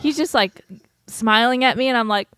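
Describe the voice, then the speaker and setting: A woman's voice: fairly high pitch, normal speed, a bit bright, smooth, no echo. A young woman co-hosting a podcast, a sleep-deprived new mother chatting casually, rambling and laughing as she trails off mid-thought. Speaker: podcast co-host. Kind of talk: casual chat.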